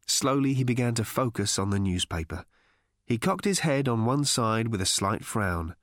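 Male audiobook narrator, deadpan and measured, lively pitch, super dry close sound. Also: no echo.

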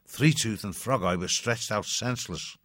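A man reading a children's adventure novel aloud in a measured, expressive way. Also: on the low side, no echo, studio quality. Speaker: narrator. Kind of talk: audiobook narration.

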